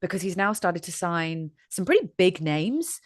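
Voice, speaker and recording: A woman's voice: on the low side, big pitch swings, moderate pace, no echo, studio quality. A woman from Ireland hosting an interview, talking animatedly and acting out voices as she tells a story. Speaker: host. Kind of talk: conversational interview.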